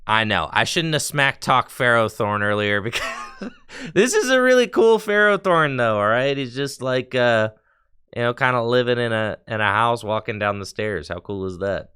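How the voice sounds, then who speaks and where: A man's voice: lowish voice, fairly even intonation, normal speed, pushed and bright, clean tone. A man chatting casually on a live stream while opening card packs, talking in a chatty, slangy way with bursts of enthusiasm.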